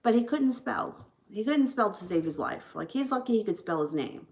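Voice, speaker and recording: A woman in her thirties reads tarot in a loose livestream chat. She rambles from thought to thought and speaks frankly, with the odd swear word. Her voice sits at an ordinary middle pitch. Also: lively intonation, normal speed, a little mellow. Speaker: tarot reader.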